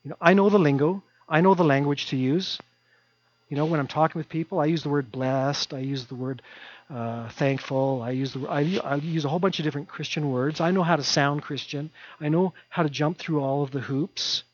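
A man's voice: a little high, brisk, dry recording. A male pastor preaching a sermon in a conversational way, driving points home through repetition. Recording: dull dry recording.

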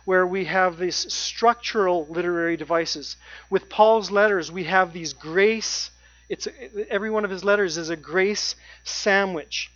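Preacher delivering an emphatic sermon; repeats phrases, slows for stress, mid-pitched, dry and lo-fi. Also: a bit bright, dry recording. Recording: dry, dull lo-fi sound.

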